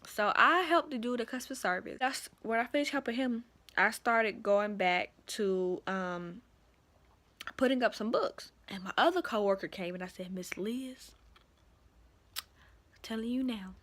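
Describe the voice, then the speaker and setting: A chatty young woman tells a storytime to her viewers, animated and conversational. Her voice sits a little high for a woman. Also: a little slow. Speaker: vlogger. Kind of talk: casual storytime.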